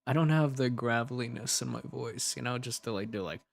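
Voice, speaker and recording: A man of middle pitch chats loosely on a livestream, laughing often and poking fun at himself. He reads viewers' messages aloud and answers them as he goes, rambling in an easy, offhand way. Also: brisk, vocal fry. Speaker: ASMR creator hosting a livestream. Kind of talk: casual livestream chat.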